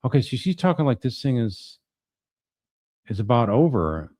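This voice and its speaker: Man, attorney, casual trial commentary, wry, conversational, dark warm tone. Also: medium pitch, very animated, normal speed, no room sound. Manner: wry, conversational, reads out messages then reacts.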